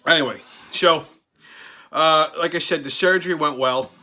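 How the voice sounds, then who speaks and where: A man's voice: a little high, normal speed, pushed and bright. A man, telling a crude, profane comic story as host and acting out the quotes. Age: 40s. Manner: brash, crude, swears constantly, acts out quotes. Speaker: show host. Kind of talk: profane comedic storytelling monologue.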